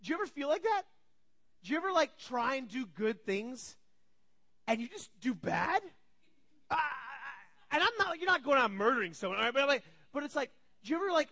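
Animated, bright-voiced male pastor. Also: very high voice, fairly quick. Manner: animated, acts out his kids' voices. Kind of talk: storytelling sermon.

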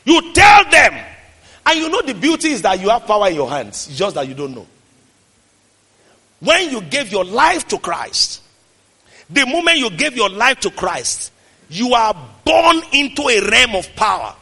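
Nigerian pastor, really high bright husky voice, shouting sermon in a big reverby church hall. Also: male voice, huge pitch swings, measured pace. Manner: fiery preaching that swings from quiet to shouted declarations.

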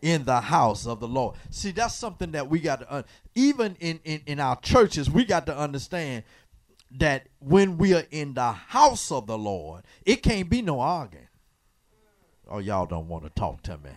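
A man preaches in a sanctuary, teaching from the Bible call-and-response style. His voice sits high and swings widely in pitch. He teases the congregation and keeps prompting them to answer. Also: sing-song, normal speed. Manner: asks the congregation to fill in words, teasing and preacherly. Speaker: pastor. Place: church sanctuary.

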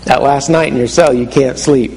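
A man's voice: mid-range voice, steady tone, moderate pace, a little mellow. Preaching man in a reverberant hall. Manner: vivid second-person storytelling, frequent restarts. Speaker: pastor. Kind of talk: sermon.

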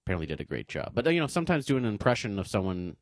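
A man with a mid-pitched but lively voice jokes along easily on a podcast, dropping short replies and wry asides. The sound is dry and close to the mic. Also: racing, no room sound. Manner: laid-back, joking, brief backchannels. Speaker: podcast co-host. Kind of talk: casual chat.

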